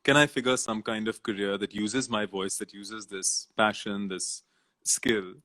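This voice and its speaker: Guy, voice-over artist, lowish voice, laid back chatty, keeps saying you know and man. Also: a little slow. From India. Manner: relaxed, reflective, laughs easily, says "man" and "you know". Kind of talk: casual interview chat.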